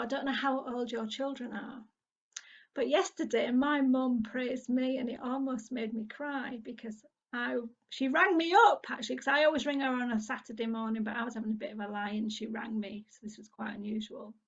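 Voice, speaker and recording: Woman, middle-aged, high voice, husky, earnest and encouraging, dull lo-fi sound. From England. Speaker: parenting group leader. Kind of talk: casual spoken talk.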